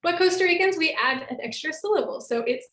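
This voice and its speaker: Laughing often, a presenter from North America who lives in Costa Rica explains things with examples in a casual online talk from her home. She speaks fast in a very high-pitched, slightly bright voice, captured in a roomy, low-quality recording.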